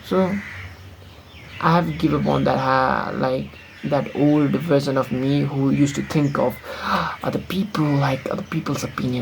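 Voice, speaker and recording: In a rough recording with a little hiss or hum, a young man from Nepal rambles bluntly to the camera in English, filling his casual vlog with fillers. His accent leans American, learned from films. The voice is medium-pitched, gravelly, steady, and unhurried.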